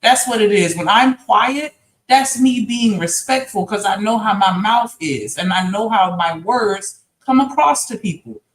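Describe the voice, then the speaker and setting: A woman's voice: medium pitch, animated, a little slow. A woman on a livestream, earnestly explaining herself in an apologetic way, often repeating her points. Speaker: stream guest. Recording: roomy echo.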